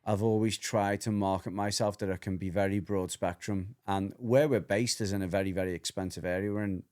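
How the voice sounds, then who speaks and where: A man's voice: fairly low pitch, steady tone, a little fast, a little mellow. A middle-aged man, co-hosting a podcast in casual, rambling chat, repeating himself and laughing often. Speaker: podcast co-host, dog trainer.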